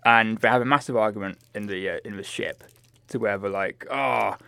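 A man's voice: on the low side, fairly even intonation, brisk, bright, forceful tone, clear, resonant tone, dry recording, clean studio sound. A man in casual chat, easygoingly recapping a film with a co-host. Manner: easygoing, lots of agreeing yeahs.

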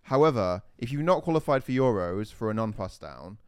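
A man's voice: lowish voice, animated, a little fast, clear, resonant tone, no room sound, studio quality. A man co-hosting a gaming podcast, explaining things emphatically in casual chat. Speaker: podcast co-host.

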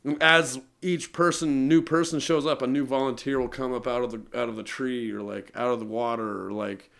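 A man's voice: mid-range voice, steady tone, normal speed, gravelly, a bit bright. A young man, a musician guest on a podcast, telling a long personal story in an earnest, rambling way with many fillers.

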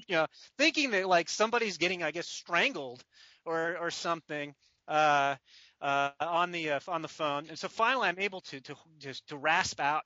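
Bright-voiced man telling a story. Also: on the high side, fairly quick, dry recording, lo-fi sound. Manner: animated storyteller, laughs often, does croaky voices. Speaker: baseball draft writer. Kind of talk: casual podcast storytelling.

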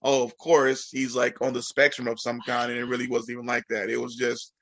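Rambling, bright-voiced man telling stories. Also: medium pitch, completely flat delivery, a little fast. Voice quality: slightly nasal, congested. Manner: rambling, filler-heavy storytelling with lots of "like". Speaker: educator. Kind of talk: casual podcast chat.

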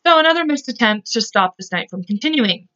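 A woman's voice: on the high side, animated, fairly quick, sharp tone. A woman hosting a podcast, casually recounting a true-crime case, rambling and correcting herself, swearing freely. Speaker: podcast host. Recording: dull lo-fi podcast audio.

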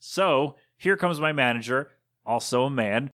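A man's voice: mid-range voice, expressive, a little slow, fairly bright tone. A man hosting his own podcast, telling a story in a casual, rambling, digressive monologue. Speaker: podcast host.

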